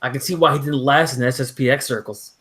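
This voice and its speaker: A man's voice: medium pitch, fairly even intonation, quick pace, fairly bright tone, low-quality recording. Guy hosting a chill stream, rambly, lots of uh and like, on a call. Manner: rambling, full of fillers and restarts. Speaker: host. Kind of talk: casual chat on a live stream.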